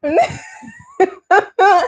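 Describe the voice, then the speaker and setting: A woman's voice: very high-pitched, wildly swooping pitch, very slow, darkish tone, low-quality recording. A Jamaican woman hosting a casual livestream Q&A, playful and self-mocking, laughing often. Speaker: Christian YouTuber.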